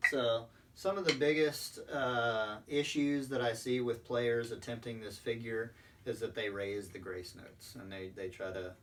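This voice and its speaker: A man's voice: medium pitch, fairly even intonation, a little slow, fairly bright tone. A man explaining drum rudiments step by step as a percussion instructor, patient and sprinkling in ums. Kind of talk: recorded instructional lesson. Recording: distant mic with faint background noise.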